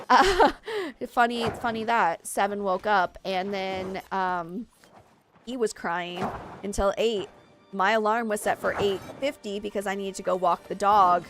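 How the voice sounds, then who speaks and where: A woman game streamer, tired from lack of sleep, chatting in a rambling way full of fillers. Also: mid-range voice. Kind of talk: casual chat while streaming gameplay.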